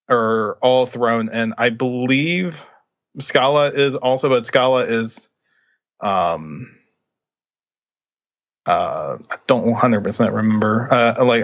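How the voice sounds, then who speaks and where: A man's voice: mid-range voice, a little slow. Male podcast co-host explaining lore, casual, slightly muffled lo-fi audio. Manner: explains game lore, hesitant fillers. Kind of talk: casual game discussion.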